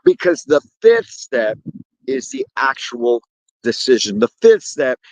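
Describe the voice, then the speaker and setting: A man's voice: medium pitch, big pitch swings, a little slow, darkish tone, dry recording, rough recording. A man giving motivational sales coaching, emphatic and repeating his key points. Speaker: sales trainer.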